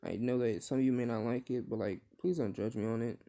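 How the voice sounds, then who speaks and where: A man's voice: medium pitch, fast talker, gravelly, warm tone, slight background noise. A man casually retelling his own fan story, rambling with many fillers and restarts, and swearing when he slips.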